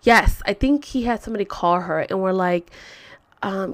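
A young woman telling a personal story in casual, animated talk, swearing freely and acting out quotes. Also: mid-range voice, normal speed, clean tone.

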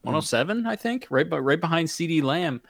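A man's voice: on the high side, lively intonation, a little fast, vocal fry, no echo, clean studio sound. A man co-hosting a fantasy football podcast from a desk, speaking emphatically and with enthusiastic praise. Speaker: podcast co-host. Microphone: close studio mic at a desk.

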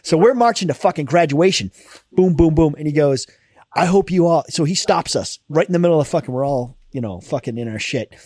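Rambling profane man, higher voice. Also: lively intonation, fairly quick, a little mellow, dry recording, studio quality. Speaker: podcast co-host, former Marine. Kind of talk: casual chat.

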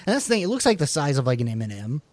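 A man's voice: on the high side, sing-song, racing, darkish tone, dry recording. Man, podcast co-host, reads facts, quips between them, dry close sound. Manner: jokey asides while reading, stumbles on words. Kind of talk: casual chat, reading facts aloud.

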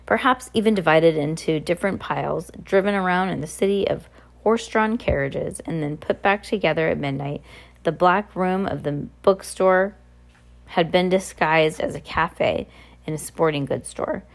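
Low-voiced woman reading a novel aloud. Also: moderate pace, creaky. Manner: casual, stumbling, self-correcting. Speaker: reader.

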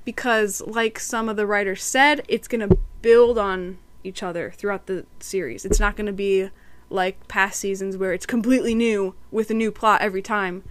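A woman's voice: mid-range voice, steady tone, normal speed. A woman hosting a podcast, reviewing cartoon episodes in casual, chatty talk and acting out quotes. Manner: chatty, giggly, acts out quotes.

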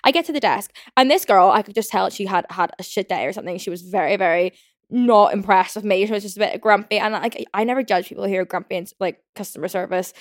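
A young woman hosting a podcast, telling a story in a fast, chatty rant full of swearing and fillers. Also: mid-range voice, dry recording, studio quality. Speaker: podcast host. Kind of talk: casual solo rant.

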